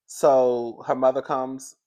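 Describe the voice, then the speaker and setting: A man in a casual, gossipy chat recapping a reality show, animated and laughing often, speaking. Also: medium pitch. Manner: chatty, gossipy and animated, laughs often, says "girl" a lot.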